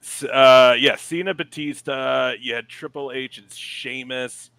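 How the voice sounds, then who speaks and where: Jokey laid-back co-host guy, bright voice, dry close sound. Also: medium pitch, steady tone, a little slow, creaky, smooth, dry recording. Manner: laid-back, jokey, calls people brother. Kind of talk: casual podcast chat.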